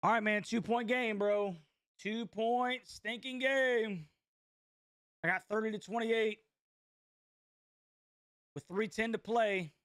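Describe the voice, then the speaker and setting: A young man from North Carolina hosting a live basketball watch party, reacting to the game in a casual, excitable way and reading viewer comments aloud. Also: sits high, unhurried, long pauses, no room sound, clean studio sound. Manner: excitable, slangy, chatty, reads chat aloud. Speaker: sports watch-party host.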